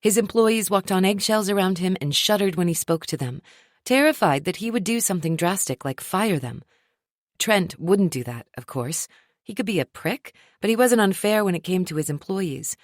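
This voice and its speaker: A woman narrating a first-person romance audiobook in an expressive, wry storytelling manner. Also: medium pitch, normal speed, no echo, clean studio sound.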